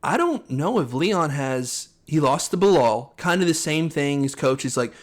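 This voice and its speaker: A young man co-hosting a casual chat, talking quickly and with strong opinions, often acting out what coaches say. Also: a little high, expressive. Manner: fast, opinionated, acts out coaches' lines in quotes. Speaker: podcast co-host.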